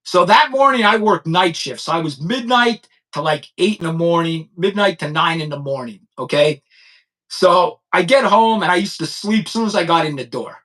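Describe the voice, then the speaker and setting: With poor audio and a high, sharp voice full of lively intonation, this man in his fifties hosts a crime-commentary show. He talks bluntly and heatedly without a script, repeating his points, and falters into a subdued tone when recounting personal loss.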